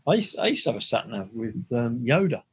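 A man's voice: medium pitch, sing-song, brisk, slight background noise. A man in casual podcast chat, joking around and mimicking gadget voices. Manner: playful, jokey, mimics voices. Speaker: podcast co-host.

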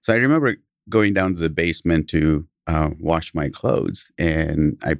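The Kenyan company founder, very deep-voiced with a British accent and some vocal fry, talks at a moderate pace in a laid-back podcast interview. He recounts stories animatedly, breaking into chuckles between them, in a close, dry recording without echo.

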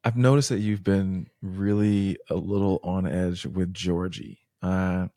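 A man's voice: low-pitched, fairly even intonation, a little slow, dark tone, no echo, studio quality. A man playing a mother who patiently reasons with her husband in his own everyday voice. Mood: reasoning. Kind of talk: role-play in casual chat.

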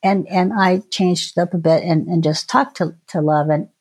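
Soft-spoken reflective woman, lower voice. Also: fairly even intonation, moderate pace, breathy edge. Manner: hesitant, many restarts and ums. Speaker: podcast guest. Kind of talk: casual reflective conversation.

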